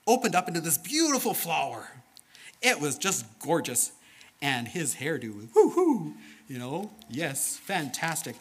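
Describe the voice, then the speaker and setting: In a slightly high voice, a man tells a children's sermon story, keeping it animated and playful with sound effects and questions for his listeners.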